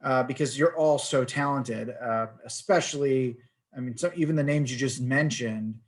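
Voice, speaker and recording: A man of ordinary pitch hosts a conversation, framing his questions with small hesitations. He laughs readily at his guest. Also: moderate pace. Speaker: host. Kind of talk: interview questions.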